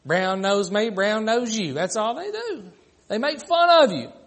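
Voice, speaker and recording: High-voiced preacher. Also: male voice, measured pace. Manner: animated, acts out mocking voices of critics. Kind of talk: sermon.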